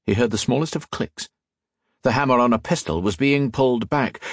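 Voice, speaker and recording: A man narrating an adventure audiobook in a dramatic, lively reading style with a slightly husky voice. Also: mid-range voice, normal speed, dry recording, studio quality.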